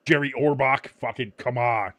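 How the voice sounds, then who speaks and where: A man hosting a live match watch-along in casual chat. He gets excited easily, swears freely, laughs often and shouts at big moments. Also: mid-range voice, moderate pace, dry recording.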